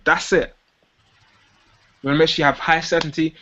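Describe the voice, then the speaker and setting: A man's voice: fairly high pitch, level tone, normal speed, pauses often, pushed and bright, highs cut off. A young man teaching sales technique to viewers, acting out sample phrases in different tones. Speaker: sales coach. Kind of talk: instructional talk to camera.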